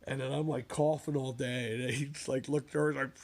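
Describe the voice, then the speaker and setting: A man chatting casually about his own books, wandering off into side stories and asides as he goes. His voice sits in an ordinary middle pitch. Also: fairly even intonation, brisk, creaky, few pauses. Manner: rambling, with digressions and asides. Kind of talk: casual spoken monologue.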